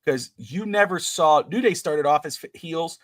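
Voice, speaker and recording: A man's voice: on the high side, moderate pace, no room sound. Rambling man on a podcast. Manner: rambling, restarts sentences, acts out quotes. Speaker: podcast co-host. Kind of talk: casual chat.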